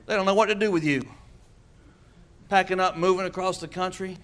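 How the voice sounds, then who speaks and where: A pastor preaching a sermon, calling out to the congregation and acting out quoted voices with humor. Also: male voice, high-pitched, steady tone, fairly quick, fairly bright tone. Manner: preaching with call-and-response asides.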